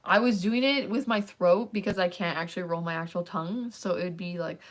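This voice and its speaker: Rambling woman, low-pitched voice. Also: fairly even intonation, moderate pace, fairly bright tone. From Canada. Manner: rambling, filler-heavy talk with many likes and ums. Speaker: channel host. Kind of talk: casual livestream chat.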